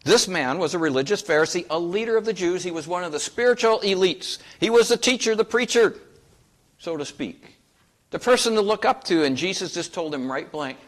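A man preaches to his congregation in a homey, conversational style, often asking them questions. His voice sits a little high and swoops up and down with lively emphasis. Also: normal speed. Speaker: pastor. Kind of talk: sermon.

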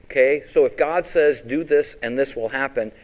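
A man's voice: medium pitch, moderate pace, darkish tone, rough recording. A man preaching a sermon as pastor, quoting scripture and asking his congregation questions, with big rises and drops for emphasis.

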